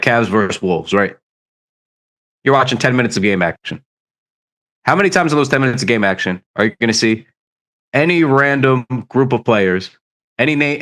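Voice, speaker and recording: Young male podcast co-host, loud, profane, excitable debater. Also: mid-range voice. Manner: animated, ranting, swears often. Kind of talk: heated sports debate.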